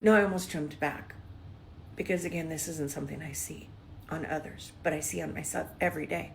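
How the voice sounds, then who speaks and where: A woman's voice: sits low, brisk, creaky, slight background noise. Emotional middle-aged woman telling a story. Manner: emotional, swings from hushed whispers to excited bursts. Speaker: spiritual storyteller and realtor. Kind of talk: personal storytelling vlog.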